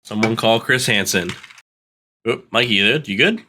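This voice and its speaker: A man with a low, punchy, forceful voice ribs his co-hosts in relaxed podcast chat. He jokes a lot and swears without a second thought. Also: normal speed, a little hiss or hum. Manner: joking, swears freely. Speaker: podcast co-host. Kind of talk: casual chat.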